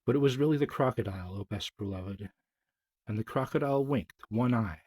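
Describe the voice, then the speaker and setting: A man reading a children's story aloud in a measured, gently dramatic way, as a storyteller. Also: fairly low pitch, breathy edge, dry recording, poor audio.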